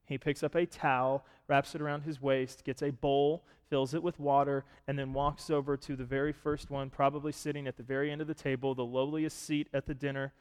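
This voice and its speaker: A man preaching a sermon, retelling a story and asking listeners to picture it, rising to loud, emphatic points. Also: medium pitch, little pitch movement, brisk, hardly any pauses, clear, resonant tone. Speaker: pastor. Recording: long reverb of a large hall.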